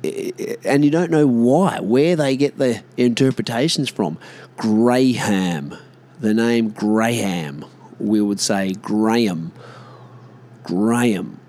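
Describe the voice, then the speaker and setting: A man's voice: mid-range voice, a little slow, dark tone. A man ranting casually to camera, exasperated and swearing, spelling words out letter by letter.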